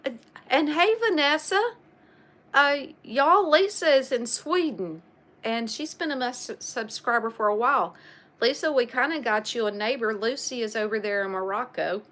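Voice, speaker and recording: A woman's voice: a little high, normal speed, fairly bright tone. A middle-aged woman with a Southern accent hosting a casual livestream, chatting and greeting viewers by name with plenty of fillers. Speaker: livestream host.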